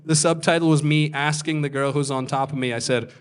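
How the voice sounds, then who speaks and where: A young man telling self-deprecating stand-up stories on a comedy club stage, acting out other people's lines in quick voices. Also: a little high, fairly even intonation. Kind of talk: stand-up storytelling.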